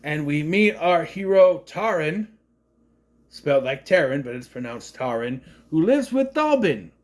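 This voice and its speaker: A man in his thirties giving a rambling, sarcastic review of an animated film in a casual monologue. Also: on the high side, unhurried. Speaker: movie reviewer.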